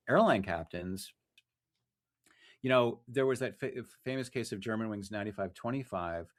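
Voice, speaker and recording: A middle-aged man with a lowish voice talks in a loose, conversational way. He is a freelance journalist who often breaks off mid-phrase and starts again as he works through his ideas. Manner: restless, self-correcting, many restarts and fillers. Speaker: freelance journalist, podcast guest. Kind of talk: casual conversational interview.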